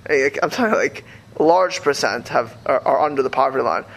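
A man's voice: medium pitch, expressive, fairly quick, creaky, poor audio. A man talking casually and animatedly, rambling through many fillers and restarts. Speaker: speaker. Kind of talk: casual talk on religious community life.

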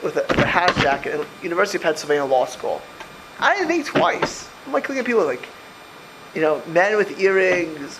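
A man's voice: high voice, background noise. A middle-aged man giving an informal Torah talk, quoting Hebrew verses and telling stories. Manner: animated storytelling, quoting Hebrew verses and translating them. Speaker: religious teacher.

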